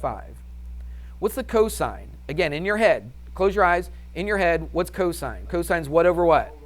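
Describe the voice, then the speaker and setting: A man's voice: fairly high pitch, sing-song, normal speed. A man teaching a math class, upbeat and chatty, firing questions at the students and answering them himself. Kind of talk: classroom lesson.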